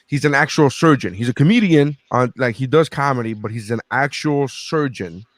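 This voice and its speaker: Thirties male comic, profane and animated, dry close recording. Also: mid-range voice, normal speed, no echo. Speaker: podcast host and comedian. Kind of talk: casual podcast chat.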